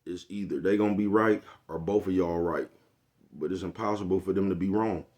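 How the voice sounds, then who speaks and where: A man with a deep, low voice rambles through a casual monologue to his viewers. He swears freely and keeps asking whether they know what he is talking about. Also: fairly even intonation, a little fast, darkish tone. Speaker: vlogger.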